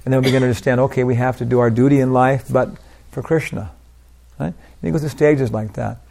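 An older man giving an informal devotional talk, rambling through anecdotes with lots of "you know" and soft laughs. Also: medium pitch, fairly even intonation, quick pace, creaky. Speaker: preacher.

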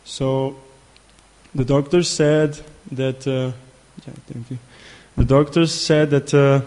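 A man giving a spiritual talk who tells a story in a halting way, repeating words and filling gaps with "uh". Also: medium pitch, flat delivery, a little mellow. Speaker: spiritual teacher. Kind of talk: sermon with storytelling.

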